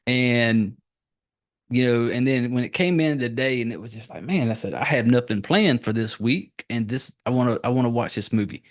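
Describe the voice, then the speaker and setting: A man's voice: medium pitch, moderate pace. A man rambles through a casual podcast monologue. His mid-range voice is loose and crude, full of swearing, fillers and restarts as he talks straight to his listeners. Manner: crude, profane and self-deprecating, many fillers and restarts. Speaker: podcast host.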